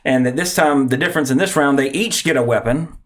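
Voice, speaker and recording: Talking fast in a mid-range voice, this podcast host meanders through the setup for a segment, frequently correcting himself and chuckling along the way.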